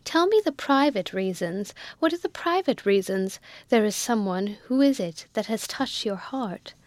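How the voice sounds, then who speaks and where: A woman's voice: medium pitch, animated, a little slow, no room sound, close to an everyday voice. A woman reading the part of a wealthy, impatient and sentimental old lady who coaxes and presses eagerly, in a storybook reading. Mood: coaxing. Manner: eager, coaxing.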